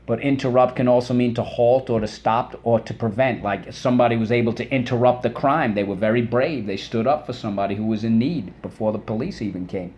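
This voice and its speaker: A man teaching a phonics lesson for children, patient and encouraging, saying words aloud and pausing for the class to repeat them. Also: medium pitch, a little mellow. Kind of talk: phonics lesson with call-and-response drills.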